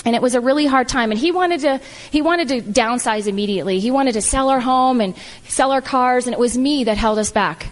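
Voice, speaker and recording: A middle-aged woman telling her personal story to an audience, animated and emphatic, acting out the lines she quotes. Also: fairly high pitch, brisk, few pauses. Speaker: guest speaker. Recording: long hall reverb.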